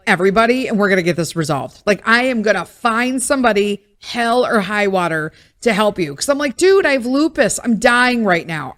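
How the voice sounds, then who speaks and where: A woman talks through a story on her podcast, swearing freely and breaking off to speak to her listeners. Her voice is in a middle register and her delivery is brisk and expressive. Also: mid-range voice. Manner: animated, profane storytelling with frequent asides to listeners. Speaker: podcast host. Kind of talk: casual monologue.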